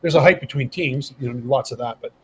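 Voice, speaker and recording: Telling a story casually as a podcast guest, this middle-aged former pro hockey enforcer speaks fast at a medium pitch and animatedly voices the dialogue he quotes. The recording is rough, with slight background noise.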